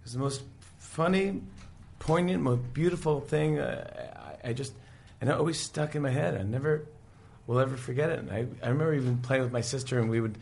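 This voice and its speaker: A man's voice: medium pitch, fairly quick, vocal fry, few pauses. A man guest on a podcast, chatting casually and acting out scenes as he retells them. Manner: animated storyteller acting out scenes. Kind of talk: casual chat.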